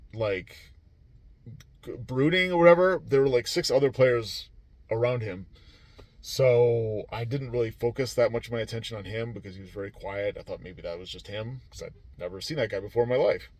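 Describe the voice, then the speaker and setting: A man's voice: medium pitch, moderate pace, no room sound. A man who runs tabletop games at a convention, recapping his weekend in a loose, rambling way with lots of fillers and restarts. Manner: rambling, many fillers and restarts, laughs easily. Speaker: game master at a convention. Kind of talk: casual vlog recap.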